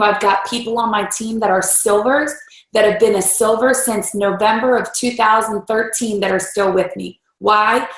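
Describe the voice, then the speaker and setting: A woman leading a team training, giving a motivational talk and acting out quoted voices along the way. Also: medium pitch. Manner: animated, acts out voices in quotes. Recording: roomy echo.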